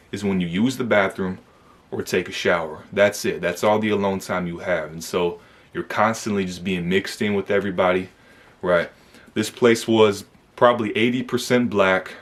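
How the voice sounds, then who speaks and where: A young man from Michigan telling a personal story to camera in a casual, conversational way, with frequent fillers and tag questions. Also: lowish voice. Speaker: vlogger recounting his youth incarceration.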